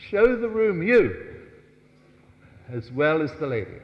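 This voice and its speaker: A man's voice: a little high, very animated, measured pace, pauses often. An older man teaching a ballroom dance class, coaxing the dancers, counting out steps and often asking "yes?". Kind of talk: dance workshop lesson. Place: large dance hall. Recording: dull distant hall sound.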